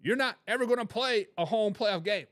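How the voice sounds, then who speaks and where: A man hosting a sports talk show, his voice sitting high for a man as he rambles and swings between loud and quiet. He talks straight to his viewers. The sound is dry and close, with no room echo. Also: fairly quick. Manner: addresses viewers directly. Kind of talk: casual sports talk with live chat.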